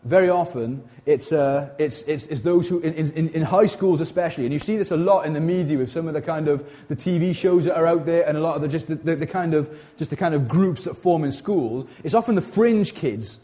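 A man preaching an informal sermon, animated and chatty, often breaking off into asides and restarting his sentences. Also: a little high. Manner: animated, chatty, frequent self-interruptions and asides.

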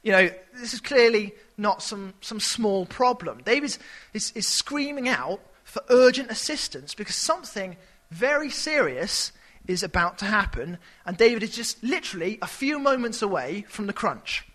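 Lively, bright-voiced preacher. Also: male voice, high-pitched, normal speed, few pauses, poor audio. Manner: conversational and animated, with sudden shouted character voices. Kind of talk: sermon.

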